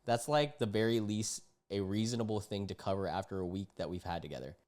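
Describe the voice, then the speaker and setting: Young male creator with a low voice, reading posts out loud, cutting in with slangy reactions and sharp exclamations. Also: fairly quick. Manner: casual slang-heavy reactions, sudden exclaims between read passages. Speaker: content creator.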